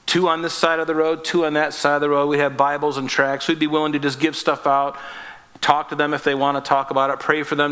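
In an echoey church hall, a male pastor with a fairly high, bright voice preaches in a loose, chatty way. He acts out short exchanges and pokes fun at himself.

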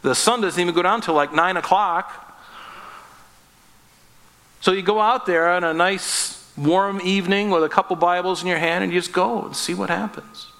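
A man with a bright, fairly high voice preaches a relaxed, conversational sermon. He slips into quick acted-out exchanges and jokes at his own expense. The sound carries a long reverb from a church sanctuary. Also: gravelly. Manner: conversational, acts out short dialogues, self-deprecating humor. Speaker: pastor. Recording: echoey church hall.

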